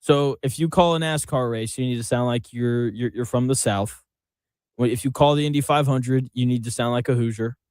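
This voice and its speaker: A man hosting a sports radio show in casual, joking banter, laughing often and tossing in quick asides. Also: mid-range voice, a little mellow, clear, resonant tone, no room sound. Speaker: radio sports talk host.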